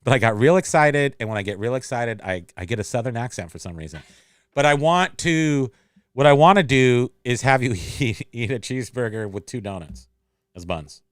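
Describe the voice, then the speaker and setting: A man's voice: mid-range voice, expressive, moderate pace, no echo. Man, casual livestream host, rambling talk, mid-range voice, dry close sound. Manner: rambling, reads viewer comments aloud. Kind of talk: casual chat.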